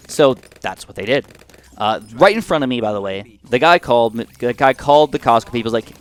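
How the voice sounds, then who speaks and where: Young adult male vlogger, casual storytelling rant, exasperated, filler-heavy, mid-pitched. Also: quick pace. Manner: animated, exasperated retelling with many fillers. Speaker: YouTube gaming vlogger.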